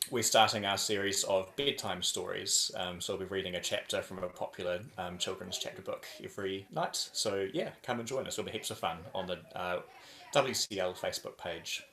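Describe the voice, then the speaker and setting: A man leading a choir warm-up over a video call, playful and over the top as he chants drills. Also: sits low, moderate pace, roomy sound.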